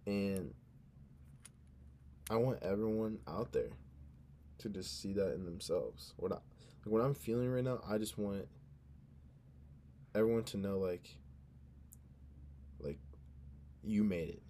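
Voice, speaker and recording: A man's voice: on the low side, lively intonation, a little slow, long pauses, warm tone, a little hiss or hum. A young man hosting a casual solo podcast, talking in an earnest, rambling way and cutting himself off, sounding drowsy. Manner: rambling, earnest, self-interrupting. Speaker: podcast host.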